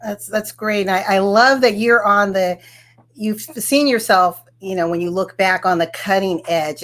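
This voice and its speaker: Woman host, encouraging, easy laughter, conversational interview. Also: mid-range voice. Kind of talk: casual interview.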